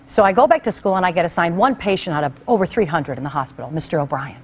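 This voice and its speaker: A husky, lowish voice delivers a heartfelt personal story at a fast clip. The speaker is a middle-aged woman talk show host who stays conversational and acts out quoted people in animated voices.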